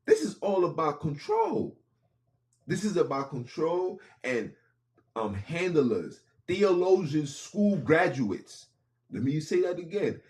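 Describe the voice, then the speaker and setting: A man's voice: fairly high pitch, big pitch swings, takes it slowly, a little mellow. A man hosting a podcast, speaking in an impassioned monologue with casual street phrasing and repeated lines for emphasis. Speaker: podcast host.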